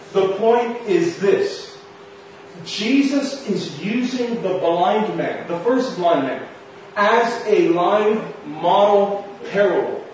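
A man's voice: high-pitched, slight background noise. Preacher man in a very echoey room. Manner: reads scripture then explains it, addressing listeners as friends. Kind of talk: sermon. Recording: very echoey room heard from a distance.

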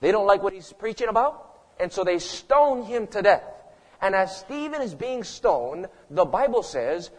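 Dramatic high-voiced preacher in a reverberant hall. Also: male voice, big pitch swings, measured pace. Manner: dramatic, swings from loud to hushed. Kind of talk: sermon.

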